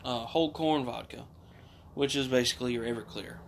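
A man's voice: medium pitch, a little fast, gravelly, slight background noise. A man in casual chat, explaining drinks patiently with many fillers and restarts.

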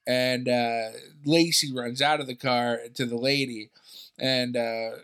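A man of middling pitch tells stories in a casual chat, cursing freely and throwing in quick asides. He speaks in an animated, offhand way. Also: smooth.

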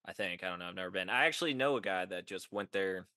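A man's voice: sits low, expressive, fast talker, bright, forceful tone, no room sound. A man co-hosting a casual comedy podcast, easygoing and playing along with short, dry reactions. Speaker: podcast co-host.

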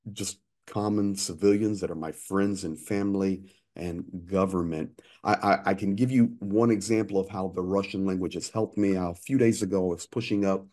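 A man in his fifties, an interview guest telling lively anecdotes with frequent restarts. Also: sits low. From United States. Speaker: interview guest, aid worker. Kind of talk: conversational storytelling.

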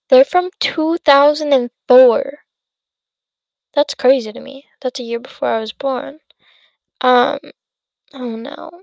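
A woman's voice: sits high, gravelly, dry recording. Rambling eighteen-year-old woman podcaster. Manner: rambling, lots of fillers and self-interruptions. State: tired, yawning. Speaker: podcast host. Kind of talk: casual solo podcast chat.

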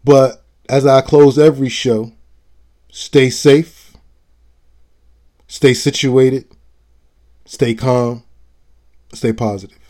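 A man's voice: mid-range voice, steady tone, drawn-out words, long pauses, darkish tone. A man hosting a show, delivering a blunt, profane commentary monologue with heavy emphasis. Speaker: show host.

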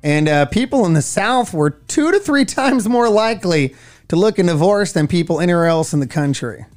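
Animated middle-aged male radio co-host. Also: high voice, moderate pace, faint music behind. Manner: animated storytelling, acts out voices. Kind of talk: casual chat.

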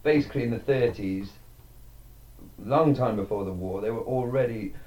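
A man's voice: medium pitch, moderate pace, a little mellow, slight background noise, poor audio. A man co-hosting a casual podcast, rambling and swearing as he gets worked up. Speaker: podcast co-host. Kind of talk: casual chat.

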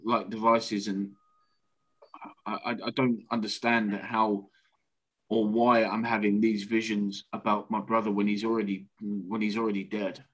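A man's voice: on the low side, flat delivery, a little slow, rough recording. A man playing a tabletop game, speaking in character in a hesitant, exasperated way. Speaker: player.

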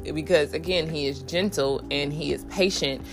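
With fairly even intonation and a normal speaking speed, a woman hosts a podcast of casual, candid faith talk over soft background music. She uses many fillers and restarts, and inner voices get acted out in a higher pitch.

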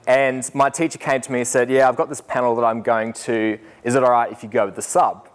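A young man, a student teacher telling a lively story to a group and laughing as he goes. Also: mid-range voice, a little fast, smooth. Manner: animated, laughing, acts out voices in anecdotes. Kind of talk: storytelling talk.

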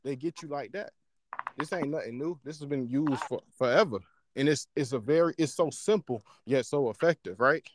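A man in casual podcast chat, talking in an animated, slangy way and checking in with his listeners as he explains. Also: mid-range voice, normal speed. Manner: animated, slangy, often asks "you know what I'm saying". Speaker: podcast co-host.

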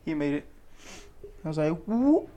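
A young man with a slightly higher voice co-hosts a casual podcast. He talks in an animated, slangy way and laughs a lot. He sounds like he is just hanging out with friends. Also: a little fast, muffled recording. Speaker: podcast co-host. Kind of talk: casual chat.

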